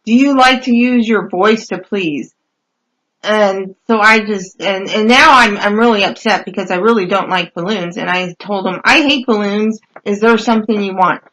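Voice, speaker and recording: A woman telling funny stories in a casual, wry, deadpan way, full of hesitant fillers, as she reads out messages she got on a dating site. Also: medium pitch, moderate pace, rough recording. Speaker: podcast host reading dating-site messages. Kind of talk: casual comedic storytelling.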